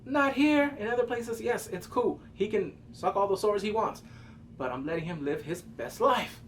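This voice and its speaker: A man recapping a TV episode with animated, profane energy, his voice sitting a touch high for a man. He leaps into loud exclamations and quick mimicked asides. A faint ambient hum sits behind him. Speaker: TV episode reviewer. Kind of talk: excited casual recap commentary.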